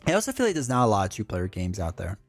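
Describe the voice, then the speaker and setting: A man's voice: on the low side, wildly swooping pitch, racing, no room sound, faint music behind. A man streaming live, chatting casually and answering his chat in a rambling way.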